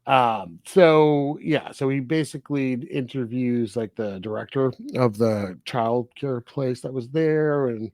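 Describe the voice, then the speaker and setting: A podcast co-host chats casually about a film in a medium-pitched, slightly mellow voice that's slow yet barely pauses, captured as a dry, clean studio recording. He laughs often and rambles through loose sentences with fillers.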